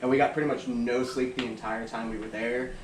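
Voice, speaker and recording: A man's voice: mid-range voice, steady tone, a little fast, over a noisy crowd. A young man chatting casually on a podcast, laid-back and swearing freely as he tells stories. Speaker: podcast host. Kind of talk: casual chat. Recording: echoey room, from a distance, faint hiss.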